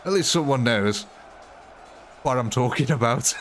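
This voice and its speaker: A man's voice: medium pitch, lively intonation, a little slow, faint music behind. A British man streaming a game live, chatting casually and jokingly with his viewers. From Britain. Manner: joking, chatty, answers chat by name.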